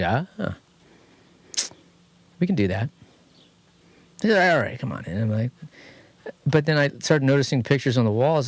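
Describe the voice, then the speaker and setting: Man, Californian accent, casual podcast banter, animated storyteller, mid pitch, dead dry studio. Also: dry recording. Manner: rambling, animated anecdote telling, quotes others in lively voices. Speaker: podcast co-host. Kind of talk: casual garage chat, storytelling. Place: home studio.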